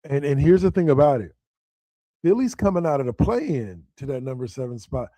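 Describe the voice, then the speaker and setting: Male podcast host, mellow low-bright tone, rambling, excitable sports chatter. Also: moderate pace, dry recording. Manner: animated, rambling, excitable with frequent restarts. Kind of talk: casual sports podcast talk.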